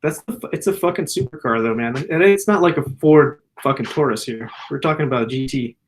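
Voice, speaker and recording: A man's voice: medium pitch, a little fast, a little hiss or hum. A man, a general surgeon, answering viewer questions in a loose, profane, casual way. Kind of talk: casual Q&A chat.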